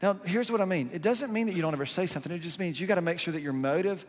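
Speaking very fast in a high-pitched voice, a pastor gives an energetic, conversational sermon in a reverberant hall. He leans on rhetorical questions throughout.

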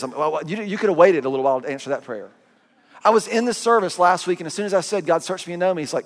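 A middle-aged man pastor giving a sermon, telling stories with self-mocking humor and voicing quick asides. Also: sits high, expressive. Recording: long reverb of a big hall.

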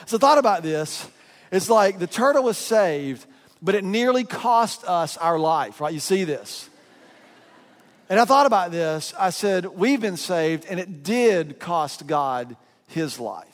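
A man preaching a sermon as a pastor, telling a story with animation and acting out voices. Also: high-pitched. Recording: long hall reverb.

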